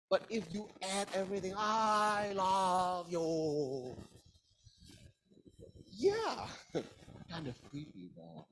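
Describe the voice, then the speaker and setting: A man's voice: high-pitched, slight background noise, low-quality recording. A man teaching an interactive communication class, asking the students questions and playfully stretching words for emphasis. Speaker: lecturer.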